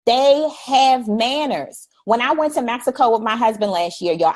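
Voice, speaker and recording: A middle-aged woman hosting a live stream, talking in an energetic, preachy way, repeating "y'all" and acting out polite phrases. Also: sits high. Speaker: host. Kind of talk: energetic livestream talk.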